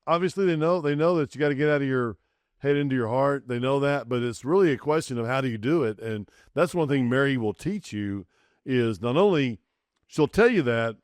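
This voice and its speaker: Rambling Southern-accented man, smooth voice. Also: medium pitch, animated, brisk, dry recording. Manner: rambling, many restarts, trails off quietly. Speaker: podcast host. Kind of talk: casual interview chat.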